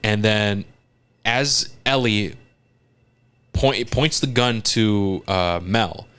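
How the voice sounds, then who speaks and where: A lower-pitched man on a casual podcast, walking through a scene beat by beat. He acts out the lines as he goes, swears freely, and keeps the energy up. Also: extremely slow, smooth. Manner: animated retelling, acting out lines, frequent swearing. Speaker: podcast co-host.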